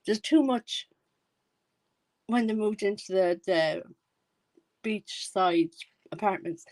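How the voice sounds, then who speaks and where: A woman chatting through a live reaction stream. Her voice sits at a middling pitch, and she talks in a loose, rambling way, often catching and correcting herself mid-thought. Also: slow, long pauses, a little mellow, no room sound. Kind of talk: casual commentary.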